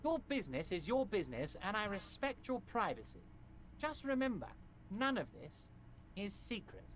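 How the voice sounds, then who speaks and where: An actor playing a scheming, jovial, obese male union boss in a video game, talking smoothly and reassuringly with a faint mocking edge. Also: sits high, very animated, normal speed, fairly bright tone, slight background noise. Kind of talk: game character dialogue.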